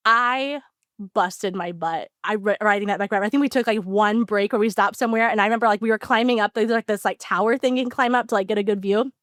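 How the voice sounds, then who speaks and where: A woman co-hosting a podcast, telling an animated story in casual chat with lots of "like" fillers. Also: medium pitch, quick pace, dry recording, studio quality. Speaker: podcast co-host.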